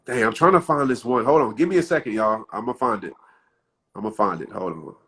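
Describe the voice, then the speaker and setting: A man's voice: medium pitch, brisk, pushed and bright, husky. A man in his thirties hosting a casual live stream from his phone, chatting loosely, laughing often and reading out short motivational lines. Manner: laid-back, chatty, laughs often, reads his own quotes aloud. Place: outdoors in wind.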